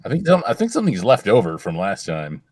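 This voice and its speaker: A man's voice: fairly low pitch, huge pitch swings, quick pace, a little mellow, breathy edge, no room sound. A man co-hosting a comedy podcast, exasperated and repeating himself for comic effect. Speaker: podcast co-host. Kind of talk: casual comedy banter.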